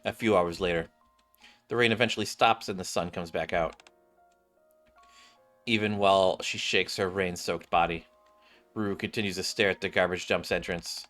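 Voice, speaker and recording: A man's voice: low voice, fairly even intonation, moderate pace, pauses often, a bit bright, faint music behind. A man reading a game story aloud, breaking in with casual, wry asides.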